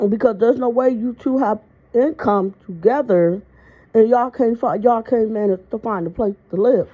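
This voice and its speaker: A sassy woman, talking straight to her viewers in casual reaction commentary. Her voice sits a little high, and her exasperation comes through plainly. The recording sounds dull and lo-fi. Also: normal speed.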